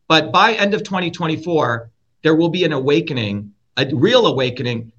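Forceful, profane man with a bright voice. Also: a little high. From India. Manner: forceful, blunt, profane, repeats points. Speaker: guest, presidential candidate. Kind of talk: heated interview talk. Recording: dull lo-fi audio.

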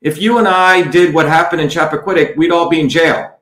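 On a combative campaign livestream, a political candidate with a fairly high, slightly bright voice rails at critics, answering viewer comments one by one. He is brisk, blunt and scornful with fairly even intonation, repeating "okay?", and the sound is roomy and echoey.

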